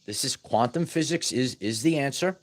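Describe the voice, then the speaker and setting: A man's voice: mid-range voice, lively intonation, normal speed. A man giving a casual spiritual teaching talk to his viewers, emphatic and full of repeated words and restarts. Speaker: spiritual wellness vlogger.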